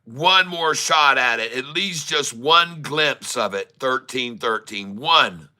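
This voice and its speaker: A middle-aged man streams his day-trading live, teasing and pleading with the market makers. He drags his words out slowly, and his voice is bright and cutting. The tone stays smooth and clean throughout. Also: medium pitch. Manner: excitable, taunting, drawls numbers, talks to the market.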